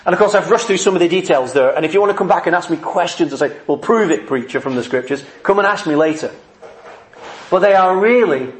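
A man's voice: high voice, roomy sound. A man preaching a heartfelt, earnest sermon.

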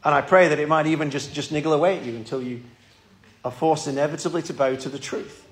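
A man's voice: a little high, fairly even intonation, fast. A man preaching a sermon in a church, earnest and pleading, often repeating his words.

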